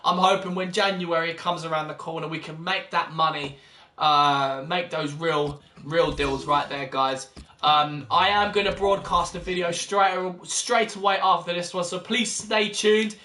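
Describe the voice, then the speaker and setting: A man's voice: fairly high pitch, steady tone, unhurried, bright, forceful tone, echoey room, far from the mic. A young man commentating his football game to viewers, chatty and exasperated, calling them guys. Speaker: gaming YouTuber. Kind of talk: gameplay commentary.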